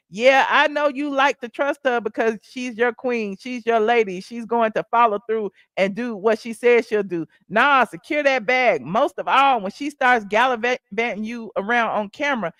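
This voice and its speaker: A woman's voice: a little high, no echo. Chatty woman gossip host, dry sound. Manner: chatty, exclamatory, with sudden asides. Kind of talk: casual livestream gossip commentary.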